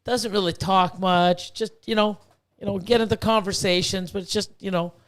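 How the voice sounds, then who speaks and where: Man, high-pitched, podcast host, rambling, laughing. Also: steady tone, normal speed, fairly bright tone. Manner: joking, laughing, rambling with fillers. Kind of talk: casual podcast chat.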